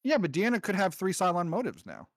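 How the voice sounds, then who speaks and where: A man's voice: high voice, huge pitch swings, fast talker, no echo. A man playing a board game online, insistently pointing out rules and risks. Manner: critical, explains rules insistently. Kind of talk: casual game chat over voice call.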